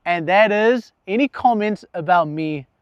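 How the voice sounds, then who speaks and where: A man's voice: high voice, lively intonation, unhurried, clean tone, dry recording, dull audio. A young man talking candidly about himself in a casual, profane vlog monologue, laughing at himself now and then. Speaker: vlogger.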